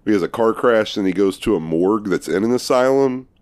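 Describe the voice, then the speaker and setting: A man's voice: on the low side, animated, a little fast, a little mellow. A man co-hosting a podcast in casual chat, joking, loose and profane. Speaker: podcast co-host.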